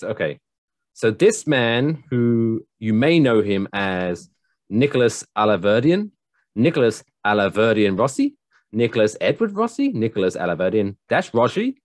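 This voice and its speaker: A man in his thirties co-hosts a podcast, reading a news story aloud in a chatty, jokey way with funny asides during casual news chat. His mid-range voice is a little mellow, captured in clean studio sound with no echo.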